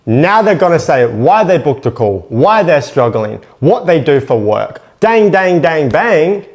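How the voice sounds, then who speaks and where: A man's voice: a little high, very animated, measured pace, darkish tone. Brash, profane male sales coach. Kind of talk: blunt sales training monologue.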